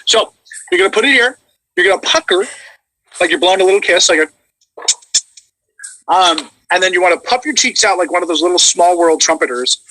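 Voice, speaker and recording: A man who is a voice actor, chatting casually and coaching vocal warm-ups with animated demonstrations. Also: high voice, fairly quick, long pauses, slight background noise, low-quality recording.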